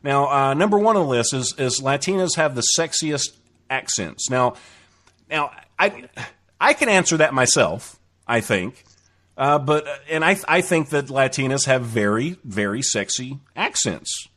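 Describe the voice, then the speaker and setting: A man hosting a casual interview, eager and excited, often stopping and restarting his questions. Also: medium pitch. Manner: eager, halting with many restarts. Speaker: host.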